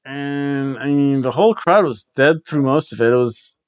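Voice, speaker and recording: A man's voice: medium pitch, normal speed, clean tone, no room sound, highs cut off. A man hosting a casual wrestling review, rambling offhand with ums and restarts. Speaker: wrestling reviewer, show host. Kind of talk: casual spoken show recap. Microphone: camera recording at home.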